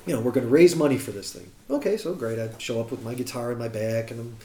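Talking fast in a mid-range voice, a guest musician from the US shares a relaxed anecdote. He performs the voices of the people in it with lively energy, heard in an echoey room.

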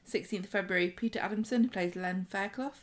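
A woman's voice: medium pitch, quick pace. A woman co-hosting a podcast in casual chat, with a dry, teasing manner. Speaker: podcast co-host.

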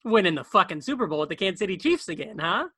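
Rambling and joking at speed, a man co-hosts a podcast from his bedroom, frequently repeating words in loose conversation. He sounds very animated, with a high, bright, husky voice and a forceful tone, recorded without echo.

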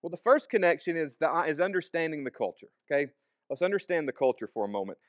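A man's voice: on the high side, big pitch swings, fast, dry recording. A man preaching a sermon, reading scripture aloud and then explaining it in an easygoing, conversational way. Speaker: pastor.

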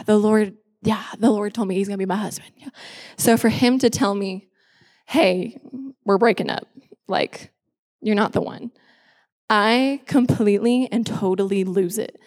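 A woman pastor giving her testimony as a sermon, telling her story with animated quoted voices. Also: on the high side. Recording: long hall reverb.

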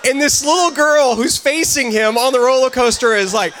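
A man preaching a sermon, telling a comic story in an animated way and shouting on the punchlines. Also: extremely high pitch, moderate pace, a faint crowd. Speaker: pastor.

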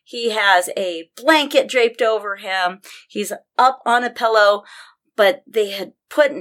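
A woman's voice: medium pitch, takes it slowly, a bit bright. A woman in casual conversation, telling a personal story with passion and vivid detail. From Denver. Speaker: podcast guest storyteller.

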